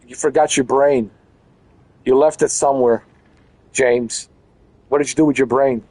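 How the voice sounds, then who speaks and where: A man's voice: mid-range voice, steady tone, a little slow, darkish tone, no echo. A man giving casual let's-play commentary, crude and mocking, repeating his jokes. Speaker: gaming channel host.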